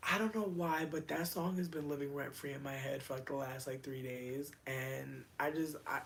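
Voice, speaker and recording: Bright punchy voice, rambling streamer talk, swears a lot and calls chat bitch, faint hiss behind. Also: medium pitch, vocal fry. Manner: profane, chatty, frequent slang address to viewers; quick asides and bursts of excitement. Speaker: livestreamer chatting with viewers.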